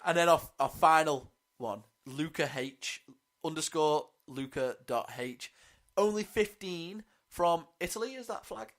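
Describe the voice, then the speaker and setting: A man co-hosting a climbing podcast, chatting in a relaxed, slangy way. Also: fairly high pitch, unhurried, few pauses. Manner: laid-back, chatty, slangy. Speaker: podcast co-host. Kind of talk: casual podcast chat.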